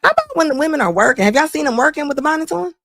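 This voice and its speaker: A middle-aged woman hosting a talk show, giving blunt, animated opinion commentary and laughing often. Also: sits high, racing, gravelly, no room sound, studio quality, soft background music. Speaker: host.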